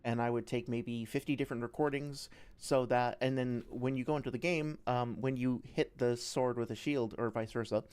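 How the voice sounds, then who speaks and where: A man's voice: medium pitch, steady tone, moderate pace, few pauses, a little mellow, clean tone. A man who makes video games, casually explaining a game topic in a rambling way, with lots of fillers and examples. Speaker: game developer and streamer.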